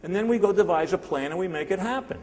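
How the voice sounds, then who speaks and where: Over a noisy crowd, a high-voiced sales trainer in his sixties speaks at a quick pace during a live motivational seminar. His delivery is punchy and repetitive with plenty of teasing, and the large hall adds long reverb.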